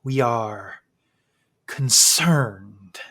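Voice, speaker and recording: A man voicing a secretive, guarded supernatural man with mottled skin, speaking in a slow, hushed, half-whispered way. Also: medium pitch, lively intonation, husky, full character voice. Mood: cold warning. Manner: slow, deliberate, ominous phrasing.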